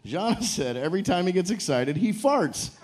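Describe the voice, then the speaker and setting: Man, game show host, swooping lively pitch, joking and teasing, hyping the crowd, cruise ship stage. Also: normal speed. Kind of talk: live audience game show hosting.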